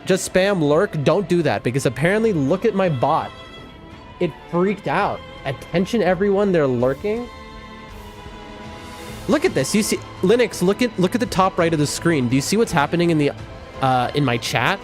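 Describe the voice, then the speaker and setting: Lively, chatty male game streamer. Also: on the high side, moderate pace, soft background music. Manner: rambling, excitable, chatting with viewers. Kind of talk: casual live-stream chat.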